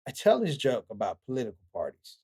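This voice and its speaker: A male comedian, a guest on a podcast, telling a story in a lively conversational way and acting out the dialogue he quotes. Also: medium pitch, fast talker. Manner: animated, acts out quoted dialogue.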